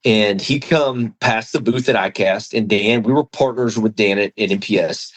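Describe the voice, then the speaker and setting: A fishing tackle executive tells a story in a casual interview, animatedly acting out the quoted dialogue. His voice is fairly low at a moderate pace, and the audio is poor.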